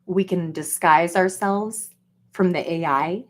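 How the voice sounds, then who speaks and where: A woman in a casual solo monologue, ranting profanely with lots of fillers and acting out quoted voices. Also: slow. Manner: profane, animated, jokey rants with frequent fillers; acts out quoted voices with jumps in pitch. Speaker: solo vlogger.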